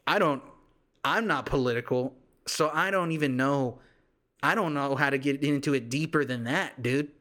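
A man's voice: medium pitch, normal speed, sharp tone, close to an everyday voice. A man voicing a laid-back young male surfer from California with a California surfer accent, drawling and calling everyone dude and bro. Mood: ranting. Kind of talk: comic impression on a podcast.

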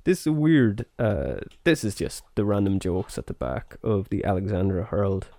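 A man's voice: deep voice, very animated, moderate pace, gravelly, mellow, no room sound. A man hosting a podcast in casual chat, chatty with many fillers. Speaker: podcast host.

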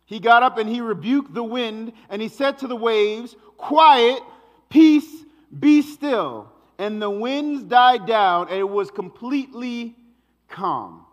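A man preaching a conversational sermon, swinging between hushed asides and emphatic lines. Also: high voice, measured pace. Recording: long hall reverb.

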